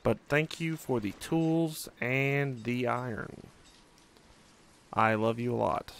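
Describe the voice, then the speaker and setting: A man's voice: medium pitch, fairly even intonation, slow pace, vocal fry, fairly bright tone, slight background noise. A young man casually commenting on his own gameplay, musing and thinking aloud with frequent fillers. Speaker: let's play host.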